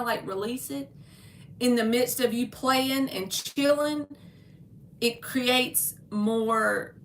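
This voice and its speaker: A woman doing a live-stream tarot reading, with a bright, fairly high voice. She talks slowly and chattily, calls her viewers "baby", and reads card meanings from a book. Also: reverberant, a little hiss or hum. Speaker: tarot reader.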